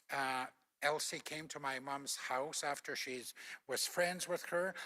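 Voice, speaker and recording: A man's voice: on the high side, sharp tone. An older man from Alberta, a former Cree teacher, explains language points in a panel talk with patient, instructive anecdotes. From Alberta, Canada.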